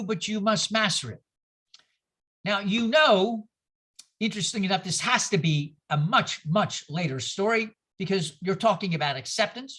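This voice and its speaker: A minister leads a conversational Bible study with a bright, edged voice at a middle pitch. The talk is animated and full of pointed rhetorical questions thrown out to the listeners. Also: slightly rough. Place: church gathering.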